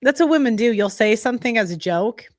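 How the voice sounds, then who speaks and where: A young woman hosting a livestream speaks fast in a fairly high, expressive voice, casual, blunt and heated, swearing often and restarting sentences. The recording is studio quality with no room sound.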